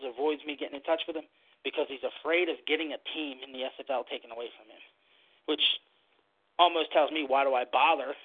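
A man's voice: on the high side, husky, no echo. A man hosting a podcast, delivering a blunt, heated rant and calling people out over an online voice call. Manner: blunt, ranting, calls people out. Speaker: podcast host. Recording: tinny call audio, dry.

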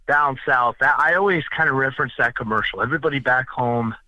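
A man's voice: mid-range voice, fast, pushed and bright, no room sound, dull audio. A man from the Northeastern United States hosting a casual chat, telling stories in a boastful, mock-arrogant way. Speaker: podcast host.

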